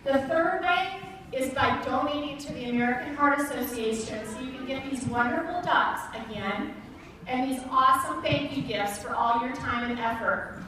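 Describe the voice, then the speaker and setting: A woman's voice: high voice, moderate pace. A woman giving an upbeat, coaxing motivational talk to schoolchildren at an assembly. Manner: upbeat, coaxing, addresses kids directly. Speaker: youth market director at a school assembly. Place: large echoey school gym. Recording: echoey hall, distant mic, crowd noise.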